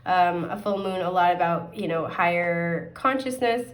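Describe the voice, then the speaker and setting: A woman giving a casual tarot card reading, chatty and upbeat, her voice a bit hoarse and often clearing her throat. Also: lowish voice, normal speed, reverberant, recorded from a distance. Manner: chatty, upbeat, rambling with fillers.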